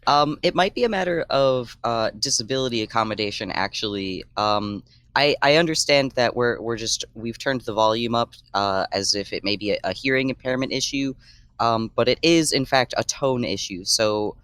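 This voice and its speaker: A man's voice: medium pitch, moderate pace, fairly bright tone, clean tone, dry recording, natural voice. A man playing a pedantic, hesitant stickler. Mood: earnest. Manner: hesitant, many ums, carefully precise. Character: earnest, pedantic man asking procedural questions. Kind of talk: tabletop game role-play.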